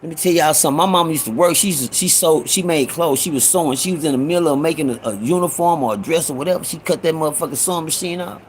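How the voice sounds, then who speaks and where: A man's voice: a little high, racing, few pauses, slight background noise. A man telling a rambling, profane story from his own life in a casual way, with many restarts. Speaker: storyteller host.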